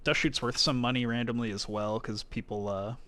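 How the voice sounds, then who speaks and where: A man chatting casually on a live stream while opening card packs, thinking aloud and breaking into quick excited exclamations. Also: medium pitch.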